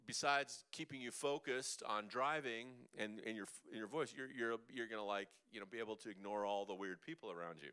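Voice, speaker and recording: A man teaching a vocal seminar as a coach, lively and chatty, demonstrating sounds with his own voice. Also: medium pitch, smooth. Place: church hall.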